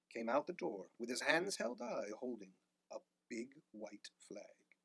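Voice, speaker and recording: A man reading a rhyming picture book aloud with animated delivery. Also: mid-range voice, measured pace, gravelly, breathy edge, dry recording. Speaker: storyteller.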